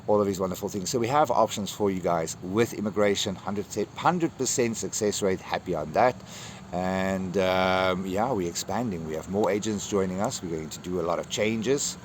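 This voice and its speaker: A man's voice: sits low, moderate pace, a little hiss or hum. Emotional rambling male vlogger. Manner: emotional, rambling, swears casually. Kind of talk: casual vlog talk.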